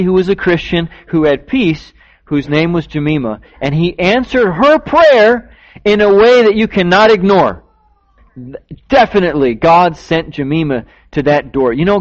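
A man telling a story to children during a church service, acting out the people in it and asking the kids questions. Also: on the high side. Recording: dull lo-fi recording.

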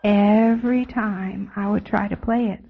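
A woman's voice: mid-range voice, steady tone, unhurried, vocal fry, a little hiss or hum. A woman telling a children's sermon story, asking the children questions as she goes. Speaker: children's church teacher. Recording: dull lo-fi recording.

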